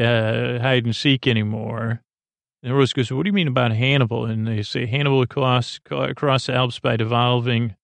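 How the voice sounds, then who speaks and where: A man hosting a bedtime podcast, retelling a TV episode in a halting, rambling way with many fillers and restarts. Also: medium pitch, gravelly, no echo. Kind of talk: sleepy rambling recap.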